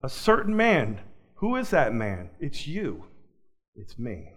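A man preaching a sermon, swinging from loud emphatic peaks to soft, low asides, with a chuckle now and then. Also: huge pitch swings, slow pace, husky.

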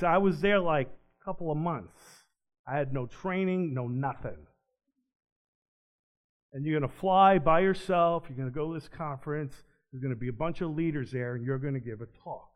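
Man sharing his faith story, earnest, animated then hushed, muffled lo-fi recording. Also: a little high, a little slow. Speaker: ministry speaker. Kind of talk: personal testimony. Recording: dull lo-fi recording.

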